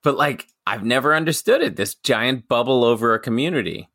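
A man's voice: medium pitch, lively intonation, fairly quick, fairly bright tone, no room sound, studio quality. A middle-aged man co-hosting a comedy podcast, chatting loosely and rambling, laughing easily. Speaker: podcast co-host. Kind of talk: casual comedic chat.

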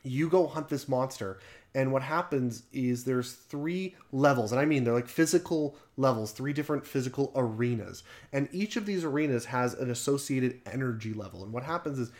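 A man co-hosting a casual podcast chat, animated, laughing often and swearing freely. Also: medium pitch, a little fast. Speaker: podcast co-host.

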